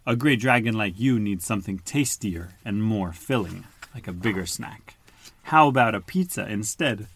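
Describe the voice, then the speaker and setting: A man voicing a small, brave and clever male owl knight in a children's picture book, speaking slowly, proudly and earnestly. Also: on the low side, expressive, a bit bright, slightly rough, exaggerated voice.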